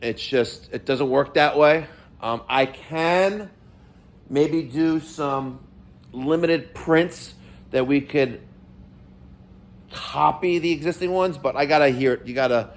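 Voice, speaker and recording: A man's voice: on the high side, slow, pauses often. A middle-aged man, ranting casually to camera about delayed mail, swearing and exasperated. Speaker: vlogger.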